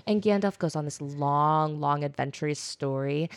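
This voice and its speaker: Sarcastic lower-voiced woman co-host. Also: moderate pace, no echo. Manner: teasing, dry sarcasm. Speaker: podcast co-host. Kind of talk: casual chat, summarizing a book.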